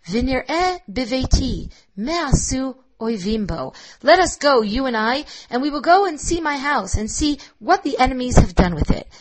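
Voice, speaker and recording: A woman gives a recorded lecture on rabbinic texts, reading Hebrew passages aloud and translating them line by line in a thoughtful way with many restarts. Her voice is a little high and a bit bright, and the recording quality is low.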